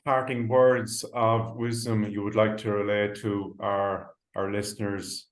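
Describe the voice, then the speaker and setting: A man hosting a podcast, from Ireland, asking halting questions with short interjections. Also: fairly low pitch, little pitch movement. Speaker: podcast host. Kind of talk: casual interview chat. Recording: echoey room.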